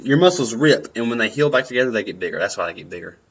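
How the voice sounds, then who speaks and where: A man's voice: medium pitch, animated, very fast, a bit bright. A young man giving earnest, encouraging advice in a personal talk, often repeating his phrases. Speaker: vlogger. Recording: dull lo-fi sound.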